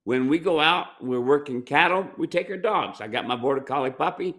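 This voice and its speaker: A man's voice: on the high side, lively intonation, brisk, a bit bright. A man who trains mules, giving plainspoken, folksy advice and telling ranch stories in a casual question-and-answer show. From United States. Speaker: mule trainer and ranch owner.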